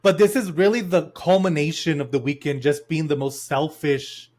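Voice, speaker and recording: A man with a fairly high voice talks through a film in a relaxed podcast chat. He retells scenes quickly and animatedly, slipping into quoted lines. The mood is loose and conversational. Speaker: podcast host. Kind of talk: casual film review chat.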